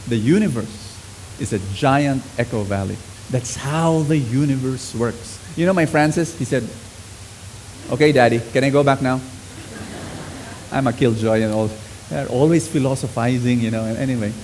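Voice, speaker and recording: A middle-aged man preaching a sermon to a congregation, swinging between loud exclamations and soft, low lines. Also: normal speed, slight background noise, rough recording.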